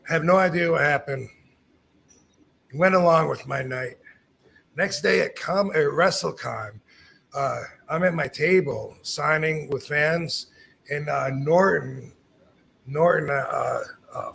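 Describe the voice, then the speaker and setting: Gravelly, husky man telling a story. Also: fairly high pitch. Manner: animated, acts out quoted lines, swears freely. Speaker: podcast host telling a story. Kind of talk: casual storytelling.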